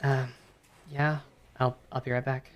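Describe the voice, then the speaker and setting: A man's voice: medium pitch, little pitch movement, a little slow, voice pushed up, natural voice. A man voicing a distraught young woman who is crying, her voice wavering and shaky. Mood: flustered.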